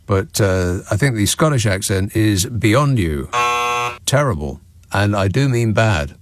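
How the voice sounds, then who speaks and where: A man's voice: fairly low pitch, expressive, a little slow, noisy background. A man hosting a late-night radio phone-in from a studio, dry, sardonic and teasing with callers. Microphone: studio microphone.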